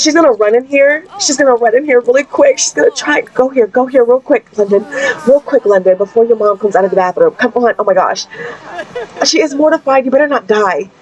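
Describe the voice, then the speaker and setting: A woman's voice: medium pitch, a little mellow, rough recording. A woman narrating a life-simulation game in a chatty, gossipy way, voicing her characters' drama with laughs and lots of fillers. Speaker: game streamer. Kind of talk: casual Sims gameplay narration.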